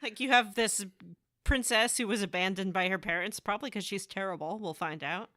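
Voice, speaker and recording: A woman co-hosting a casual gaming podcast, retelling game scenes with animated storytelling and acted-out quotes. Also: mid-range voice, a little fast, no echo, studio quality. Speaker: podcast co-host.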